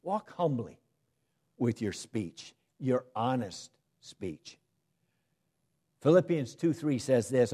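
Male preacher, lively pitch, mellow husky tone, delivers a sermon with swings between loud emphasis and soft asides. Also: slow pace, pauses often.

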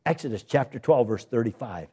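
A man's voice: medium pitch, lively intonation, brisk, dark tone, breathy edge. A male pastor preaching a sermon with emphatic delivery and many rhetorical questions.

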